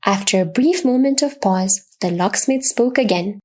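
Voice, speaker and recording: A woman narrating a religious children's story in a slow, expressive, reverent manner. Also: medium pitch.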